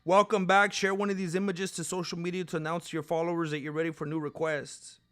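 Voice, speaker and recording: A man's voice: fairly high pitch, level tone, fast, a bit bright, no room sound. A man hosting a casual livestream, rambling conversationally and answering his chat. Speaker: livestream host.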